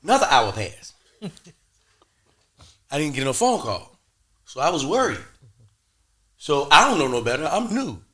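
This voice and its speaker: A young man hosts a podcast with a bright, forceful voice. He tells his story with animated energy and plays out every voice in the phone calls he recounts. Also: a little high, measured pace, long pauses, breathy edge. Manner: lively, acts out both sides of phone calls. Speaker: podcast host.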